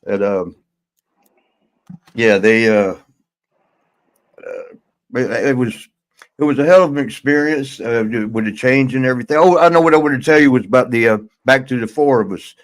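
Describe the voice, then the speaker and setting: A man spins a loose, unscripted yarn as a podcast host, stopping and restarting often and chuckling along the way. His voice sits at an ordinary middle pitch. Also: low-quality recording. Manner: rambling, halting, chuckles through his story. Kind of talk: casual storytelling.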